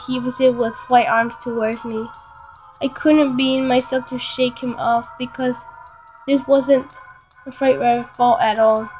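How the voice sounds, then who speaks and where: Halting woman reading a story. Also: sits high, a little mellow, poor audio. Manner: halting, stumbles and restarts words. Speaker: story reader. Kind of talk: dramatic first-person story reading.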